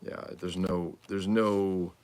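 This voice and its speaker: A man's voice: sits low, flat delivery, takes it slowly, darkish tone, smooth. A man hosting a live collectibles show, chatting in a rambling, enthusiastic show-and-tell way.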